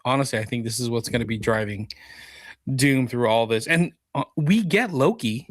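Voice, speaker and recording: A man's voice: mid-range voice, expressive, normal speed, no echo, clean studio sound. A man co-hosting a podcast, easygoing and agreeable in casual chat. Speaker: podcast co-host.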